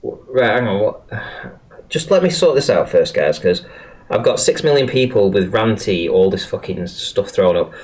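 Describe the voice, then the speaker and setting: A man's voice: fairly low pitch, lively intonation, normal speed, a little mellow. A man hosting a livestream in casual talk, exasperated and swearing a lot, restarting his sentences often while working at his computer. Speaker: livestream host.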